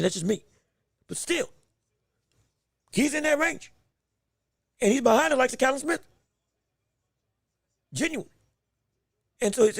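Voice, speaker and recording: A man hosts a boxing podcast, commenting live on a fight. His voice sits very high with a gravelly rasp, and it is recorded close and dry with no room sound. He rambles, stammers and keeps correcting himself mid-thought. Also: no room sound. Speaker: podcast host.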